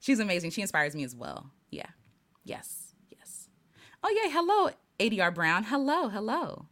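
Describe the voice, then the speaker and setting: Animated woman with a lively, swooping voice. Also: mid-range voice, a little fast. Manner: animated and reflective, laughs often, frequent restarts. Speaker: livestream host. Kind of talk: casual live-stream chat reading viewer comments.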